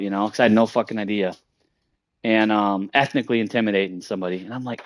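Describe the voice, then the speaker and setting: A man's voice: lowish voice, fairly even intonation, fast, no echo. A man telling a story casually, rambling and profane, with many fillers and restarts.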